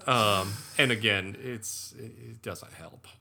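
Casting note: male co-host, lowish pitch, bright and forceful tone, reflective, hesitant. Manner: reflective, halting with many fillers, laughs easily. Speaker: podcast co-host. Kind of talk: casual podcast conversation.

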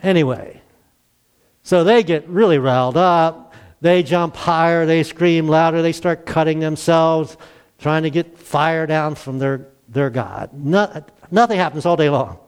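A middle-aged male pastor retelling a Bible story in a folksy, animated sermon, acting out the quoted voices with chuckles. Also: fairly high pitch, a little slow, smooth.

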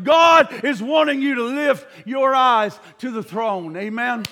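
A man preaching a sermon with fervor, shouting the high points and sinking to a quiet, hushed voice for the solemn passages. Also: takes it slowly, few pauses. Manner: impassioned, shouting at peaks, then dropping to a hushed low voice.

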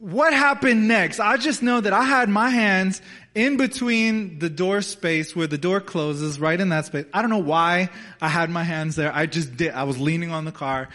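A man's voice: on the high side, a bit bright. A young adult man preaching a conversational, earnest sermon as a pastor, often repeating words and restarting phrases.

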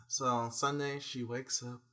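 A young man co-hosting a casual chat, telling an animated story and mimicking his family members. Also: mid-range voice, takes it slowly.

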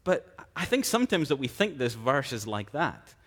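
A man delivers a sermon in an earnest, measured way, at a voice pitched in the middle for a man. He slows down to stress key phrases. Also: sing-song, a bit bright, breathy edge. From Scotland. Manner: earnest, measured preaching with slow emphatic phrases. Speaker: preacher.

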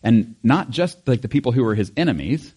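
A man preaching to a congregation in an easygoing, animated way. His voice sits in an ordinary middle pitch, and he talks the way friends chat, acting out quotes as he goes. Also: a little fast, breathy edge. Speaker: pastor. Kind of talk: sermon.

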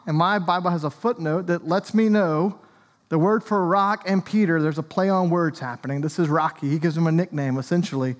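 A man's voice: a little high, normal speed, big-room sound. A man, an Anglican priest, preaching a sermon in a conversational way with joking asides. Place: church.

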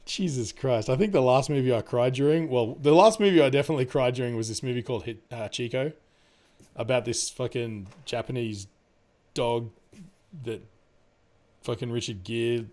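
A man's voice: mid-range voice, normal speed, a little mellow. Rambling, swearing man reviewing a movie. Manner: rambling, laughs often, swears freely. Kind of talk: casual movie review chat.

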